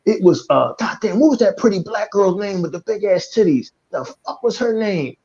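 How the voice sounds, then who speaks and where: Guy on a podcast swearing nonstop, pitch all over the place, muffled lo-fi sound. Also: normal speed. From Philadelphia area. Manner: profane, animated storytelling with impressions. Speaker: podcast co-host. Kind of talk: casual chat. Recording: dull lo-fi stream audio.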